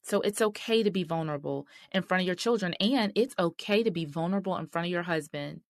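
Speaking fast in a lowish voice, a middle-aged podcast host discusses marriage from a faith perspective, earnest and direct with her listeners, whom she calls "y'all" and "sis." The audio is studio quality, with no room sound.

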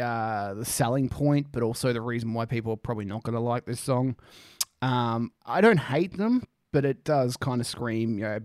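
A man's voice: mid-range voice, no room sound, studio quality. Rambling, swearing guy reacting to music. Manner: rambling, swears freely, laughs often. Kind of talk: casual music reaction commentary.

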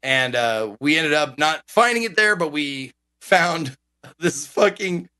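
A man co-hosting a laid-back podcast, his voice bright and a touch high. He rambles through stories with frequent restarts and fillers. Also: animated, slow pace. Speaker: co-host. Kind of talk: casual podcast chat.

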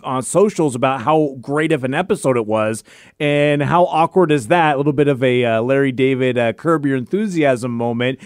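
A man's voice: a little high, no echo. A man co-hosting a podcast, moving the chat along with a dry, wry delivery. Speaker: podcast co-host. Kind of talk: casual chat.

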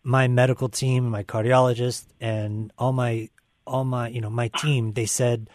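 A man's voice: mid-range voice, flat delivery, a little slow, a little mellow, dry recording, studio quality. A man speaking candidly as a guest on a live call-in radio show, rambling with many fillers. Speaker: guest musician. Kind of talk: casual radio interview.

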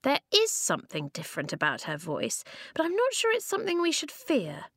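A woman voicing a calm boy who leads his tribe and speaks in a measured way. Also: sits high, no room sound, clean studio sound, pitched above the performer's own voice, full character voice. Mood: thoughtful.

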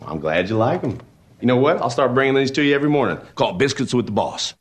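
An actor playing a folksy, cheerful American football coach in a TV comedy, friendly and drawn-out in his talk. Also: mid-range voice, very animated, slight background noise, lightly acted. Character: folksy upbeat American football coach, man, middle-aged. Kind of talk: TV comedy dialogue.

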